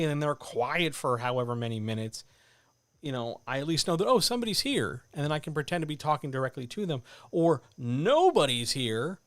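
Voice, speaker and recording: A man coaching writers in a livestreamed talk, animated and addressing listeners directly, with muttered asides to himself. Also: fairly high pitch, no echo. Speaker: writing coach. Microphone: desk microphone.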